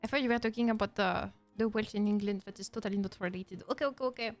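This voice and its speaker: A woman's voice: medium pitch, fast talker, soft background music. A young French woman streaming with a French accent. She chats casually in a playful, mock-indignant way, laughs often and speaks English as a second language. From France. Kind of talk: casual react-stream chat.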